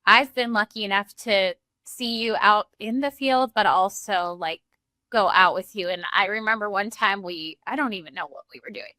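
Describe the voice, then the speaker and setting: A woman's voice: fairly high pitch, pushed and bright, dry recording. A woman hosting a podcast interview, enthusiastic and affirming toward her guest. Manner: enthusiastic and affirming, laughs often. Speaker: podcast host.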